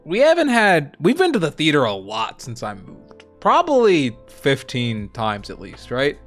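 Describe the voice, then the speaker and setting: A young man co-hosting a stream, telling rambling, animated stories in casual chat. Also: on the high side, measured pace, faint music behind. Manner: animated storytelling, rambling with restarts. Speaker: streamer co-host.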